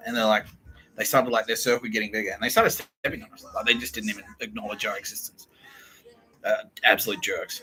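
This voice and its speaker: A man's voice: lowish voice, fairly quick, rough recording. An Australian man telling a comedy story on a podcast, swearing freely and acting out the voices of the people in it. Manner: profane, animated, acts out quoted voices. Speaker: podcast host.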